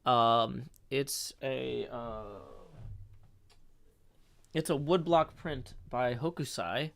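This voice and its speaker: A man's voice: medium pitch, extremely slow, creaky, fairly bright tone. A man hosting a casual live stream, rambling and hesitant with lots of fillers while reading out chat. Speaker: streamer and host.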